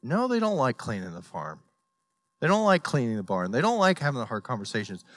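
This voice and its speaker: A man's voice: medium pitch, huge pitch swings, brisk, dry recording. A man preaching a sermon as a pastor, telling stories with playful sound effects and pleading earnestly with his listeners.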